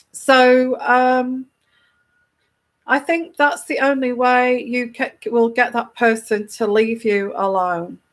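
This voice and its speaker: A woman tarot reader giving casual advice to a viewer, emphatic, often repeating herself and restarting her sentences. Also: a little high.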